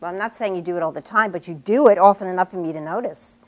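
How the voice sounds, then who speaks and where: A woman's voice: lowish voice, quick pace, natural voice. An actress playing an established woman writer who lectures her student with precise, pointed speech in a stage scene. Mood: lecturing. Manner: lecturing, precise, wide-ranging inflection. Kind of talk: stage scene performed on a talk show.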